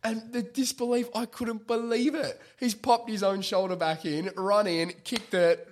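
Australian man, podcast co-host, casual storytelling, fairly high voice, loud acted quotes, laughs a lot. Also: unhurried. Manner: animated storyteller, acts out quotes loudly and laughs often.

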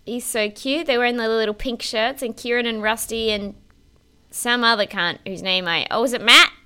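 A woman's voice: fairly high pitch, moderate pace, bright, forceful tone, clean tone. A woman co-hosting a podcast, chatting casually about a TV show, laughing often and swearing freely. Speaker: podcast co-host. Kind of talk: casual chat recapping a TV show.

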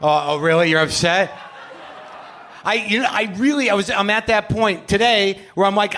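A man's voice: high-pitched, normal speed, pushed and bright, a little hiss or hum. A man hosting a show live on stage, delivering a rambling, self-deprecating comic rant full of profanity. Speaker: podcast host. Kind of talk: live comedic monologue.

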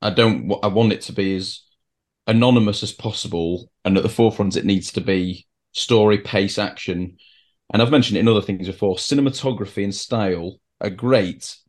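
Man, podcast host, lowish, deliberate delivery. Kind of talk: casual chat.

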